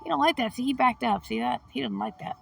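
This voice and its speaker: Chatty woman with a gravelly voice, set back from the mic. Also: on the high side, fast talker, distant mic, noisy background. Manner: chatty, laughs often, calls out characters. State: has a cold. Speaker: gaming vlogger. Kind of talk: casual commentary reading a chatbot game aloud.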